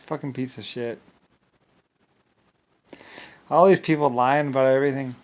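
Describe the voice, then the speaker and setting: A man's voice: medium pitch, fairly even intonation, moderate pace. A man delivering a rambling, agitated monologue to the camera, full of profanity and stumbling restarts.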